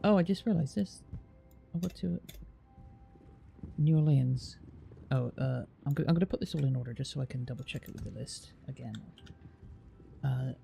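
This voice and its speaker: Gravelly British streamer man. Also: medium pitch, normal speed, pauses often, mellow, soft background music. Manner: reads place names aloud while chatting with viewers, swears casually. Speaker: live streamer. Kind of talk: casual live-stream chat.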